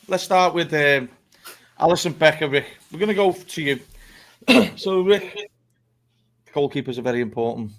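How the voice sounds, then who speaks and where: A man hosting a live football fan show, chatty and laughing, swearing freely as he talks. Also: fairly high pitch. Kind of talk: casual live-stream chat.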